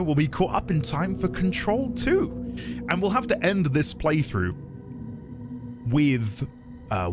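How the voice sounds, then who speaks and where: A young man talks through a desk mic, his pitch bouncing all over as he greets chat. Easygoing and playful, with faint music under his voice. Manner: chatty, reads chat aloud, playful mock outrage. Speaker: streamer. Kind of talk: casual live-stream chat greeting viewers.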